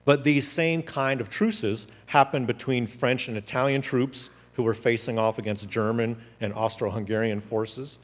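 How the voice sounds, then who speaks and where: A man tells a story in an animated way, acting out the quotes as he goes. His voice sits at a middle pitch. A long hall reverb hangs on every word. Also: moderate pace, few pauses. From United States. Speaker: speaker. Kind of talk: storytelling talk.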